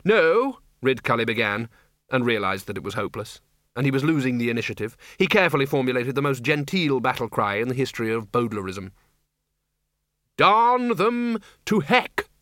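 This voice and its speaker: A man's voice: mid-range voice, quick pace, fairly bright tone, no echo, clean studio sound. A man narrating a comic fantasy audiobook in a wry storytelling manner.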